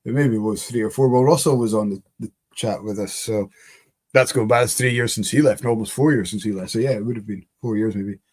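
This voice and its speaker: A man's voice: on the low side, fairly quick, darkish tone, slightly rough. Male host, easygoing, rambling delivery full of fillers and restarts. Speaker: podcast host. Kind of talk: casual chat.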